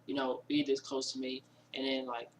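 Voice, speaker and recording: A man telling a personal story casually indoors at home, rambling and animated, with lots of fillers and quoted asides. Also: mid-range voice, moderate pace, noisy background.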